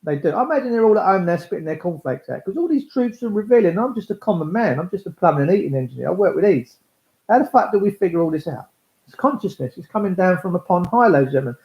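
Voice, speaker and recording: A man's voice: sits high, very animated, fast, gravelly. A man talking in a rambling monologue, blunt and coarse, swearing freely and acting out voices. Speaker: speaker addressing listeners. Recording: echoey, dull lo-fi recording.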